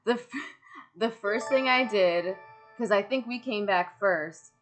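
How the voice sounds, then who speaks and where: A woman in her thirties hosting a stream over a video call, telling excitable stories, laughing often and acting out quotes in casual chat. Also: medium pitch, unhurried, soft background music.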